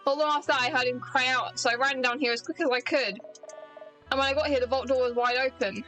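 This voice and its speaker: Hi bright british voice streamer reading as a nervous bank security guy, game music faint behind. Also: high voice, fairly even intonation, quick pace, poor audio. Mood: worried. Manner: plain dialogue reading, folksy phrasing. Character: nervous adult male bank security guard.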